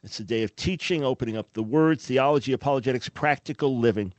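A man's voice: mid-range voice, fast, no room sound. A man hosting a radio talk show, teaching the Bible emphatically and asking listeners rhetorical questions.

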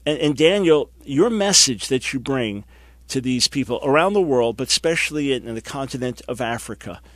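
An emphatic man hosts a religious talk show, driving his points home with repeated phrases. His voice sits in an ordinary middle pitch and sounds dry and close to the mic. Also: expressive, normal speed, dry recording. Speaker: host. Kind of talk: broadcast Christian talk show.

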